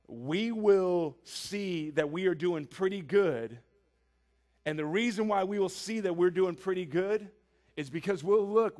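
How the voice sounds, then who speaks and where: A man delivers a sermon in an earnest, emphatic way and stacks repeated phrases for effect. His voice sits high for a man. He moves between quiet stretches and forceful emphasis. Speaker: preacher.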